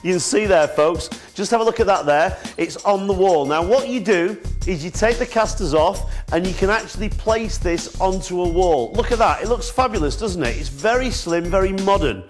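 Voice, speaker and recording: A middle-aged man with a northern English accent sells a product on a live shopping channel. His voice sits high, and he keeps up a chatty, repetitive patter that calls the viewers folks. Faint music plays underneath. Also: expressive, moderate pace, few pauses. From northern England. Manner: chatty, repeats words, addresses viewers as folks. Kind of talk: live TV sales pitch.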